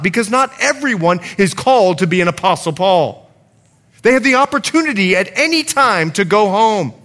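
A man preaching a sermon to his church, telling stories and reading scripture with emphatic, animated delivery. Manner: animated storytelling preacher, emphatic swings in pitch. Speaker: pastor.

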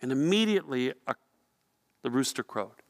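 A man delivering a sermon as pastor, telling a story with animation and swinging from hushed to loud. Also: mid-range voice, lively intonation, normal speed.

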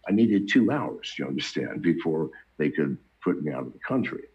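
A man's voice: extremely low pitch, very animated, normal speed, slightly rough. An older man telling his story in casual, blunt, profane talk, chuckling between anecdotes. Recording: dull lo-fi recording.

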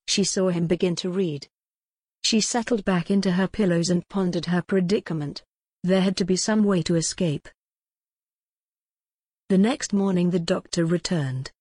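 A woman reading a novel aloud in a measured, even scripted narration. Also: lowish voice, no room sound, studio quality. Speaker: audiobook narrator.

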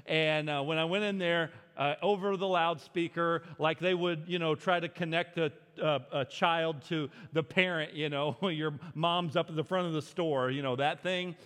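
A man's voice: a little high, fairly even intonation, normal speed, hardly any pauses, a bit bright, clear, resonant tone. A man from Arkansas preaching a sermon, telling a personal story in a conversational, self-deprecating way with frequent fillers. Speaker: pastor. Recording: long reverb of a big hall.

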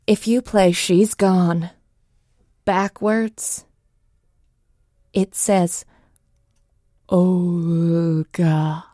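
A woman in an improvised comedy bit, speaking in a mock-dramatic, exasperated deadpan. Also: mid-range voice, drawn-out words, long pauses, dry recording, clean studio sound. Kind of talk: deadpan comic banter.

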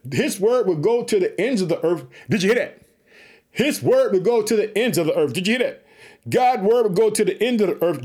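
Fired-up high-voiced male preacher. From Chicago, United States. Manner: repeats catchphrases, calls listeners family; fervent, shouting hallelujah. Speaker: podcast preacher. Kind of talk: energetic sermon.

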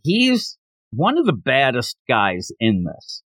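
A man co-hosting a casual comic book review chat, animated and jumping into mocking voices for the characters. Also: mid-range voice, slow pace, no room sound. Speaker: podcast co-host.

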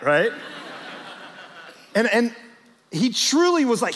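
Man, pastor, sermon, lively storyteller, high voice, long hall reverb. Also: normal speed, pauses often. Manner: animated storytelling, talks straight to the crowd. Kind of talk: sermon to church leaders. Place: large church auditorium before a big crowd.

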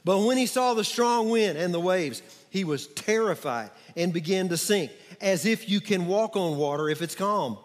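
A man preaching a sermon as pastor, animated and calling on the congregation to answer back. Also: high voice, moderate pace, hardly any pauses. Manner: animated, calls for congregation responses. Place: church sanctuary. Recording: church hall with long reverb.

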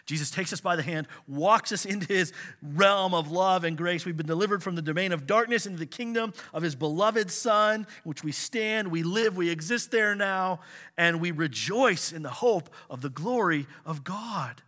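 A man preaching a sermon, animated, swinging between loud exclamations and quiet asides. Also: high-pitched, moderate pace. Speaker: pastor.

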